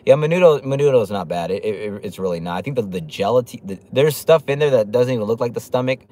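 A man's voice: medium pitch, lively intonation, fast, warm tone. A man hosting a casual livestream, reading chat comments aloud with loose, profane talk and lots of laughs. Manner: fillers and restarts, laughs often. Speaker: livestream host.

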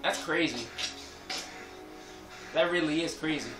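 High-voiced, cursing game commentator. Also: male voice, a little slow, distant mic. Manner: profane, loud outbursts, laughing. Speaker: gameplay commentator. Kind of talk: let's play commentary. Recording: echoey room, game music behind.

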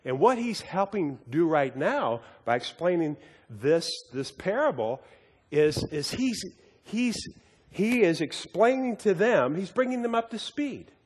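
A man's voice: sits high, big pitch swings, unhurried, a little mellow, husky, big-room sound. A man teaching a Bible study as a sermon, earnest and emphatic, often repeating and restarting his words as he tells a story.

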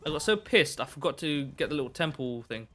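A young man giving chatty live commentary while playing a game, excitable and bursting into shouts. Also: fairly high pitch, quick pace, soft background music. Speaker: live streamer.

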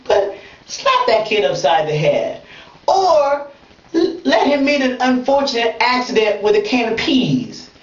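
A woman delivers a comedic monologue from a bathtub, her pitch jumping around as she swings from playful to mock outrage. The sound is roomy and bounces off bathroom walls. She sits back from a dull, lo-fi mic. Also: sing-song, unhurried, recorded from a distance. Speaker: comedic web show host.

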